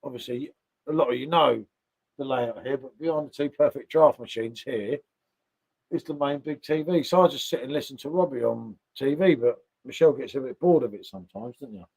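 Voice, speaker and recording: A man's voice: mid-range voice, fairly quick, creaky, a little mellow, slightly rough. A man hosting a casual live stream from his home, chatty, and he keeps tagging questions onto what he says. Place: home sitting room.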